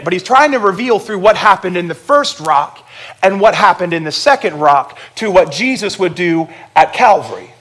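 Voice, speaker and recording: A man's voice: sits high, fairly bright tone. Man preaching in a conversational sermon. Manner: conversational preaching with audience prompts. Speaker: pastor.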